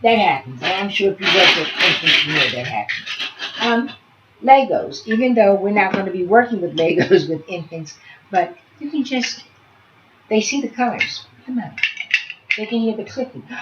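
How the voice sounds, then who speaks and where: A woman who teaches early childhood education, talking through a demonstration and chatting softly to pretend infants as she goes. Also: mid-range voice, lively intonation, moderate pace, dull audio, heavy background noise.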